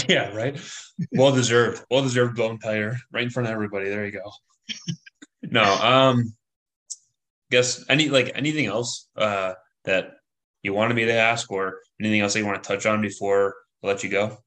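A man hosting a casual podcast, relaxed and quick to laugh. His voice sits on the low side but has a bright, forward edge. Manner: laid-back, laughs easily. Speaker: podcast host, coach.

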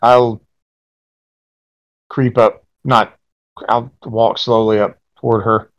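A man's voice: medium pitch, little pitch movement, takes it slowly, lo-fi sound. A man in a mid-range voice plays a tabletop role-playing game in casual chat. He is wry and talks through each move he makes. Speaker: player.

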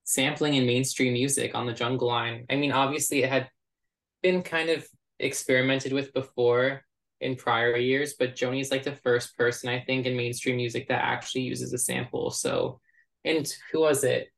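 A man co-hosting a music podcast, talking in a relaxed, loose way with lots of "like". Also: medium pitch, moderate pace, vocal fry. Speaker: podcast co-host. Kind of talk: casual chat.

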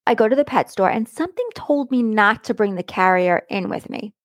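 A middle-aged woman talks straight into a close mic, with a dry sound and no room around her. She tells her story to listeners in a chatty, animated way. She is blunt, and her voice has a middle pitch. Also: fairly quick, no room sound. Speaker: podcast host. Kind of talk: casual storytelling monologue.

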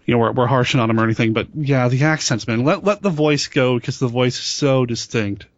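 A man hosts a relaxed podcast conversation and tosses friendly questions to his co-host. His voice is close and dry, with a somewhat dull, lo-fi sound. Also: mid-range voice, no echo. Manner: friendly, questioning, quick to laugh. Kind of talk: casual podcast chat.

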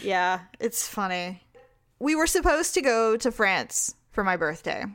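A woman's voice: on the high side, sing-song, measured pace, fairly bright tone, dry recording. A woman in her late forties, chatting casually and laughing often, self-mocking and talkative. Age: 40s. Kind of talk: casual chat.

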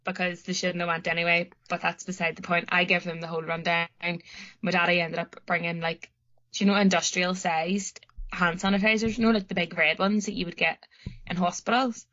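Northern irish girl rambling on a podcast, lowish voice, kinda muffled audio. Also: flat delivery, fairly quick, a bit bright. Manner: anxious, rambling, lots of fillers. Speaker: podcast co-host. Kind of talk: casual chat.

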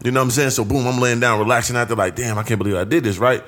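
A man's voice: mid-range voice, fairly even intonation, very fast, fairly bright tone. A young man casually telling a profane, slang-heavy story on a podcast.

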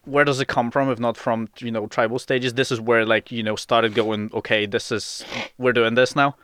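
Smooth-voiced man, earnest. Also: mid-range voice, flat delivery, fairly bright tone, no echo, studio quality. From Poland. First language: Polish. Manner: earnest, halting, repeats words. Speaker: podcast co-host. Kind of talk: casual chat.

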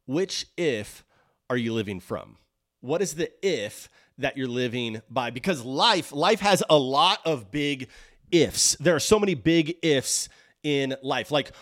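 A man's voice: medium pitch, no echo, studio quality. Earnest man giving a motivational talk. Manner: earnest, emphatic, builds through repeated rhetorical questions; reads scripture aloud in a measured cadence. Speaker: host of a leadership podcast. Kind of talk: faith-based motivational talk.

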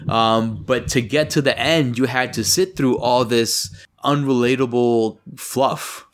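A man's voice: medium pitch, a little slow. Rambling, profane man reviewing a movie. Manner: rambling, profane, animated when annoyed. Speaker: podcast co-host. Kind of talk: casual movie review chat.

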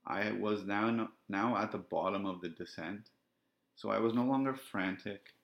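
A man with a very deep voice tells a personal story on his podcast. He talks in a reflective, halting, candid way, pausing to find words. The sound is dull and lo-fi. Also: creaky. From Canada. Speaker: podcast host.

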